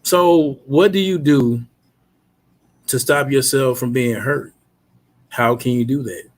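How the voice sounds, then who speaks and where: A man's voice: mid-range voice, takes it slowly. Earnest man telling a personal story. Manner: earnest, steady recounting of a painful memory. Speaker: podcast guest.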